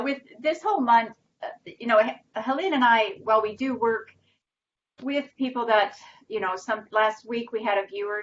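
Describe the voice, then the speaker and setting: A woman co-hosts a live web show, chatting casually and rambling with frequent "you know"s and "right"s. Her voice is mid-range, and the recording is muffled with a little hiss or hum.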